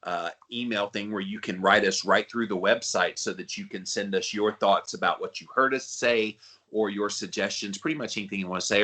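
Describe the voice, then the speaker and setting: A man's voice: on the low side, bright, forceful tone. A man with a polished South Carolina Southern accent, co-hosting a casual podcast in a friendly, chatty way with plenty of fillers. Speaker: podcast co-host.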